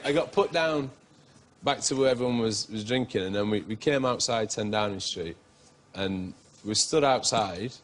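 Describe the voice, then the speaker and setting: A man's voice: lowish voice, noisy background. A middle-aged man, telling anecdotes as a guest in a TV interview and laughing often.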